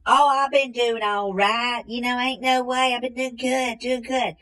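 A woman drawls her way through a comedy sketch as a bumbling, dim country man who keeps saying the same catchphrase. Her voice is a little high, steady and fairly bright, captured in a rough recording.

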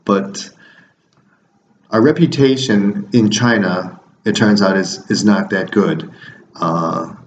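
A man's voice: lowish voice, takes it slowly, reverberant, a little hiss or hum, poor audio. A man who coaches fencing, talking through his week in a casual, rambling video diary with many restarts.

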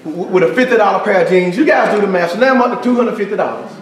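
A man preaching a sermon with emphatic call-and-response, often rising to a shout. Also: high voice, animated, racing. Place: church sanctuary. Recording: echoey church with congregation. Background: congregation responding.

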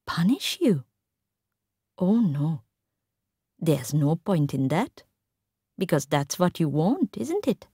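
A woman voicing a tall, composed stepmother who speaks in a cool, measured, quietly firm way in a read-aloud story. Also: medium pitch, animated, dry recording, studio quality.

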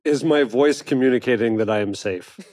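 A man's voice: medium pitch, moderate pace, over music. A man with a Canadian accent co-hosting a podcast, playful and teasing in casual chat. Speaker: podcast co-host.

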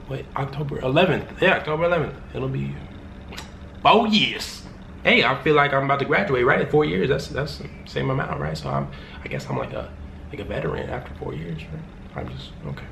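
A man's voice: on the high side, vocal fry, a bit bright, a little hiss or hum. A young man answering fan questions in a casual vlog, joking and rambling in loose, slangy talk. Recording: roomy room with faint ambience.

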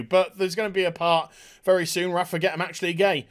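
Mocking, fairly high-voiced male reviewer. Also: steady tone, quick pace, a bit bright. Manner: mocking, exasperated, with hesitant fillers. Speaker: TV review host. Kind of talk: sarcastic episode recap.

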